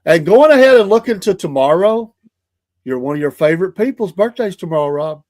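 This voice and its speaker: A man's voice: high-pitched, expressive, a little fast, darkish tone, dry recording. Chatty male morning show co-host, dry sound. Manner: chatty, hesitant with frequent uhs. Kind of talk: casual morning show banter.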